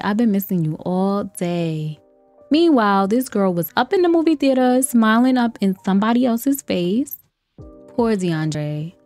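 A young woman talks her way through a game in an unhurried, drawn-out way, chatty and playful. She laughs often and jumps into excited exclamations. Soft lofi music plays faintly behind her. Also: medium pitch. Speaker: let's play streamer. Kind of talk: casual game commentary. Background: faint lofi background music.

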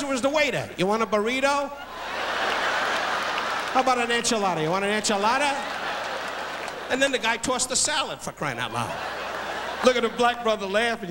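Older man, insult comic, high voice, loud brash barking jabs, live stage, roaring crowd and noise. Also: big-room sound. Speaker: insult comedian. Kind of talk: live stand-up insult comedy. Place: large theater stage. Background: loud audience laughter.

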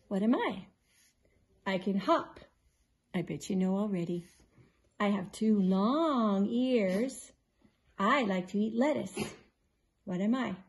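An older woman reads a riddle picture book to her grandkids at bedtime, taking her time. Her voice sits at an ordinary pitch, and she quizzes gently and playfully between pages. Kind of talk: bedtime story reading to grandchildren.

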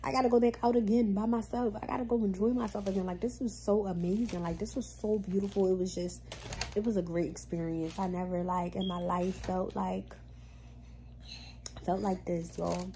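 A woman's voice: medium pitch, fairly even intonation, moderate pace, mellow, slight background noise. A young woman vlogging casually to her phone camera, chatty and full of "y'all" as she talks to viewers. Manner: chatty, repeats herself, says "y'all" a lot. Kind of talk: casual vlog talk to camera. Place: restaurant, then her home.

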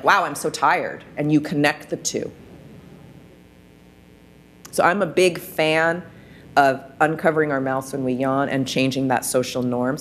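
A woman's voice: low voice, slight background noise. A woman presenting a wellness workshop, coaching listeners through practices with frequent rhetorical questions. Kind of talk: guided practice talk.

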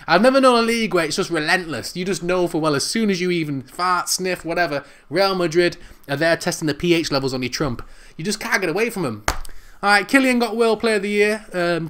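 Lively, joking man calling a football game. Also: sits high. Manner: jokey, excitable, yells at goals. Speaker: gaming channel host. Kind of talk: let's play football game commentary.

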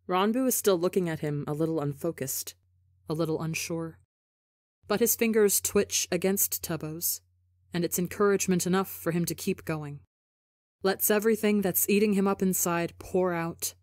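A woman narrating a fan fiction audiobook in a soft, measured storytelling manner. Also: fairly low pitch, no room sound, studio quality. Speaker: podcast reader.

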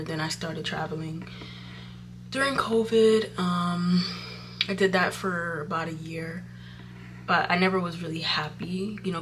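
A woman's voice: lowish voice, noisy background. A young woman chatting casually in a vlog about starting nursing school, emotional and full of "like" and "you know", indoors by a window. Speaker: vlogger, nurse starting midwifery school.

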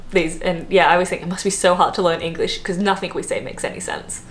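A woman's voice: lowish voice, steady tone, quick pace. A young Australian woman chatting casually to camera as a vlogger, laughing often and drifting into asides.

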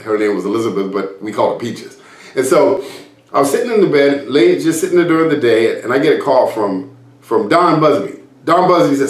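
A man's voice: mid-range voice, lively intonation, fairly quick. A man telling a story from across a roomy space. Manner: acts out remembered conversations, with restarts. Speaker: motivational business speaker. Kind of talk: personal storytelling. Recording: roomy, distant mic.

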